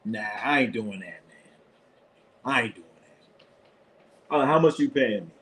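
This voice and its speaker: A man's voice: mid-range voice, expressive, a little slow, fairly bright tone, slight background noise. A man hosting a live sports stream, talking loosely in casual chat, blunt and profane, laughing often. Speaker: sports show host.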